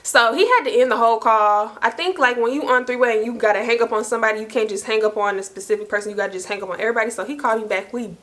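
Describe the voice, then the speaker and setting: A young woman vlogger telling a story in casual, slangy speech, lively and quick to laugh. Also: fairly high pitch. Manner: animated, slangy, laughing as she tells it.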